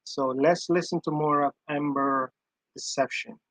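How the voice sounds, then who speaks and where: A man's voice: on the high side, fairly even intonation, measured pace, fairly bright tone, no room sound, poor audio. A man giving casual, emphatic commentary on a live stream, reacting to audio he plays and repeating his points. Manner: emphatic, chatty, repeats himself.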